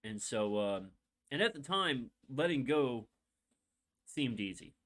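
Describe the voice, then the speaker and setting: His mid-range voice is slow and a bit bright, with big pitch swings. A young man hosting a podcast, he rambles candidly through a long personal story, packed with fillers and asides, emotional and fighting back tears.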